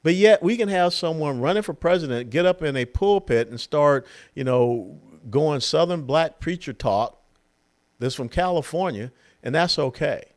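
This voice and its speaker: Animated older man giving commentary. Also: fairly high pitch, normal speed. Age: 60s. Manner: animated, mocking, mimics others in quotes. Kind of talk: political commentary monologue.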